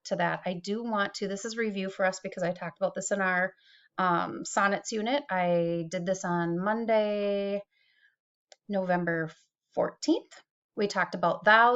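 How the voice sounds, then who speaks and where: A middle-aged woman teaches through a recorded screen-share tutorial, chatting easily and poking fun at herself. Her voice sits at an ordinary pitch and comes through a computer mic. The recording sounds a little dull and lo-fi. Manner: chatty, self-deprecating, with small laughs.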